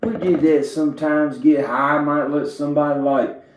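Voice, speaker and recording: A man's voice: a little high, little pitch movement, moderate pace, echoey room, rough recording. A man from Virginia telling a rambling, profane comedic monologue and laughing at his own jokes. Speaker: comedic storyteller. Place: indoor room with drum set and speakers.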